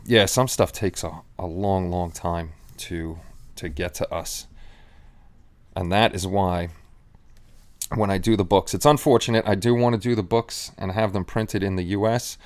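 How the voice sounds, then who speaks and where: A man's voice: on the low side, clean tone. A man hosting a casual live stream, chatting loosely with many fillers and restarts. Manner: rambling, with frequent restarts and fillers.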